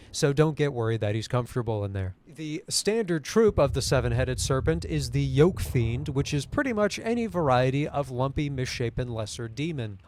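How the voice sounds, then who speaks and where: A man's voice: a little high, darkish tone. A young man hosting a video, narrating a scripted essay with wry, conversational asides. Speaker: YouTube host.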